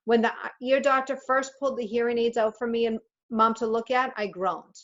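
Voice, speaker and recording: A woman teacher reading a children's novel aloud to her class in a steady storytelling voice. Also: a little high, a little fast. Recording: slightly muffled recording.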